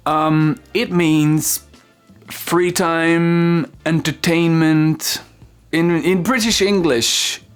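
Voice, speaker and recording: A man teaching English pronunciation to French speakers, whose first language is French, repeating each word slowly and with emphasis. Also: a little high, faint music behind. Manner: slow, exaggerated word-by-word modeling.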